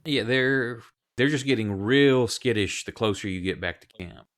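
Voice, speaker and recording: A man narrating as game master in a tabletop game, relaxed and halting with fillers. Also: mid-range voice.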